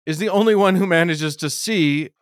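A man hosting a casual podcast, retelling a story in an animated, joking way. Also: high voice, normal speed, no echo, clean studio sound. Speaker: podcast host. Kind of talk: casual bible discussion.

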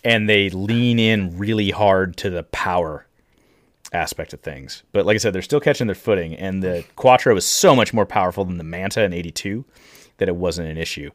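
A man co-hosting a casual podcast, explaining things in a measured way with frequent pauses. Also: low-pitched, no room sound, clean studio sound. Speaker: podcast co-host explaining rally history.

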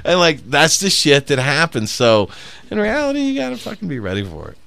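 Profane, animated male comic telling stories. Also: a little high, brisk, creaky. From South Bend, Indiana. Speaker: podcast co-host, stand-up comic. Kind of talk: casual storytelling chat.

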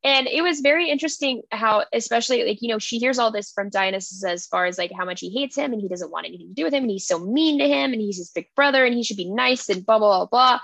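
Recapping a story on a book podcast she co-hosts, a young woman speaks with a fairly high pitch and vocal fry. She retells it with animation, playfully voicing the characters' quoted lines, and the recording has no room sound.

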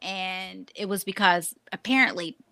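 A woman in her forties co-hosting a casual podcast chat, talkative and laughing often, acting out lively quoted voices. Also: medium pitch, a little slow, gravelly. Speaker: podcast co-host.

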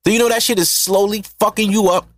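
A man hosting a podcast, ranting with a lot of swearing and mockery. His voice sits a little high for a man. The sound is dry and close, with no room echo. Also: fast. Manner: animated, profane, mocking ranting. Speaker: podcast host. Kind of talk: solo podcast rant.

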